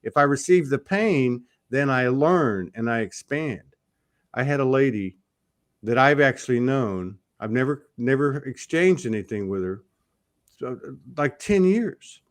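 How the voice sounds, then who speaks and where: A man's voice: medium pitch, expressive, a little slow. A man hosting a casual spiritual talk show, rambling and emphatic, dropping a curse now and then. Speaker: host.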